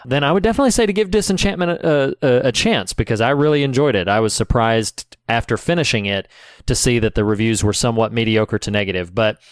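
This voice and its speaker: A man's voice: mid-range voice, fast talker, no room sound. A man co-hosting a podcast in casual chat, chatty and enthusiastic, laughing easily. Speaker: podcast co-host.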